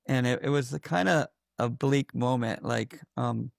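A man giving a candid personal account in an interview, halting, with many fillers and restarts. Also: medium pitch, creaky, dry recording, clean studio sound.

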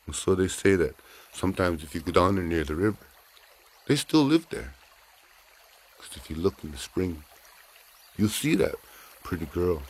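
A man telling a traditional story aloud in an unhurried, soft-spoken, conversational way. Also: low voice, animated, breathy edge.

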